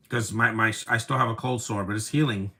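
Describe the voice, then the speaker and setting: A man's voice: lowish voice, fairly even intonation, a little slow, gravelly, sharp tone. A man giving casual live commentary over a movie, rambling from one opinionated aside to the next.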